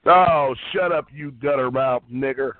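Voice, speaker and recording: A man's voice: mid-range voice, a little slow, no echo, narrow, tinny audio. A man on a phone chat line, taunting and hurling insults in a heated argument.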